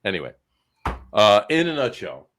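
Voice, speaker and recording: A middle-aged man co-hosting a podcast, with a fairly low voice. He talks in a loose, joking way full of fillers and little digressions. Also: huge pitch swings, normal speed, fairly bright tone. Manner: jokey, rambling, lots of fillers. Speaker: podcast co-host. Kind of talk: casual chat.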